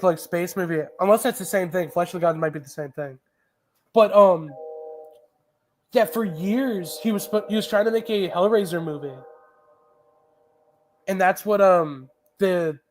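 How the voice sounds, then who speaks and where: A man with a fairly high voice talks movies in loose, casual chat. He rambles with excitement, stacking fillers and restarting his sentences as he goes. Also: unhurried, slight background noise. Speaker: podcast co-host.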